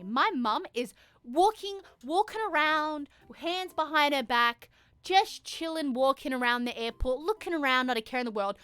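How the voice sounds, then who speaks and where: A woman with an Australian accent, streaming and telling a story to her chat in a casual, animated way, swearing freely and acting out what people said. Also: high voice.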